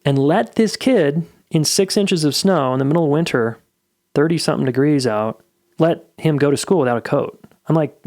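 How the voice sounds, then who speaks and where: A man's voice: mid-range voice, brisk, darkish tone, dry recording. Man, middle-aged, podcast host, candid advice monologue, swears casually, dry sound.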